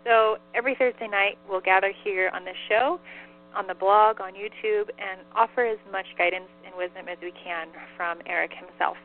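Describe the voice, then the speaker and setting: On a phone line with a faint mains hum, a woman passes along a spirit's messages in relaxed call-in chat. Her mid-range voice keeps a fairly even intonation at a moderate pace, and she giggles often and says "like" constantly.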